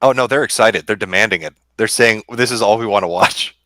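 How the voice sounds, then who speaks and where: A man's voice: fairly low pitch, a little fast, pushed and bright, no room sound. A man hosting a livestream, teasing his guest in casual chat. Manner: teasing, mocking. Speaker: livestream host.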